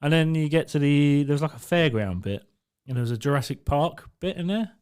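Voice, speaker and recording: A man's voice: a little high, fairly quick, a little mellow, clean tone. A young man co-hosting a podcast, telling sweary stories in casual chat and laughing as he goes. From England. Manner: sweary storyteller, laughs often, acts out voices in quotes. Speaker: podcast co-host. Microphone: studio mic on arm.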